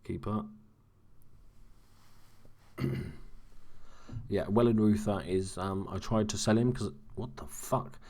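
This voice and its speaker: A young man quietly commentating on his own football management game in a casual chat. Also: fairly even intonation, slow, long pauses. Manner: talking quietly, late-night low-key chatter. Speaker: gaming commentator. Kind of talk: casual let's-play commentary.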